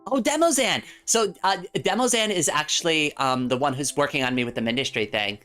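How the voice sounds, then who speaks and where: A woman's voice: low voice, animated, fairly quick, a bit bright, soft background music. A woman livestreamer in casual chat, talking straight to her viewers, giggling often and repeating words as she thinks.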